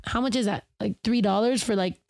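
A woman's voice: medium pitch, a little fast, gravelly, a little mellow. A young woman in casual podcast chat, telling stories with lots of slang and swearing, laughing often.

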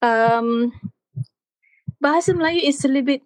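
A woman's voice: high voice, normal speed, no room sound, poor audio. A woman hosting a casual studio segment, explaining words of the day and acting out her own surprise. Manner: animated, acts out her own reactions. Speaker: host teaching words of the day. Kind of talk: casual studio chat, language lesson.

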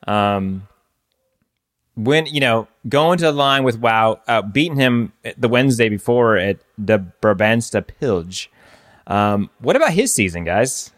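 A man's voice: fairly low pitch, animated, measured pace, a bit bright. A man co-hosting a casual podcast chat, talking in a loose, rambling way with many fillers. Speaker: podcast co-host. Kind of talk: casual chat about cycling.

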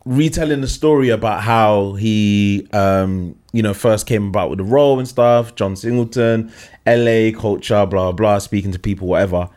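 A young man with a London accent, co-hosting a podcast in casual, animated chat full of slang. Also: fairly low pitch, moderate pace. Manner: animated, laughing, heavy slang. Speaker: podcast co-host.

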